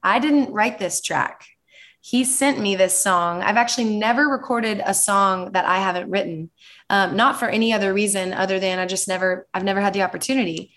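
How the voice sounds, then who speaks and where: A woman's voice: mid-range voice, fairly bright tone. A young American woman in her twenties, a singer being interviewed, bubbly and enthusiastic. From United States. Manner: bubbly, enthusiastic, quick to laugh. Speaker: singer-songwriter guest. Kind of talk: interview answers.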